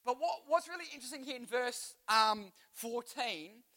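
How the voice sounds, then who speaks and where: A young Australian man preaches at a church youth night in a high, bright, forceful voice. He talks to the room casually and throws questions at the crowd. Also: normal speed. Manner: energetic, conversational, asks the crowd questions. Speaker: youth pastor. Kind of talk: youth sermon. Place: church youth gathering, live.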